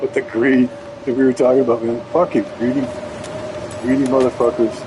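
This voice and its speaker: Male game streamer, mid-pitched voice, loose and profane, rambles through a story while playing. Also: level tone, a little fast, background noise. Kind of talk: casual storytelling while gaming.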